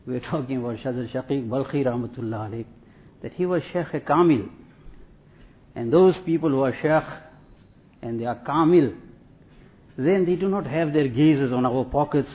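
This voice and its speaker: A man giving a sermon in a measured, repetitive preaching cadence, telling anecdotes. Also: medium pitch. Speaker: Islamic preacher. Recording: tinny phone-like audio.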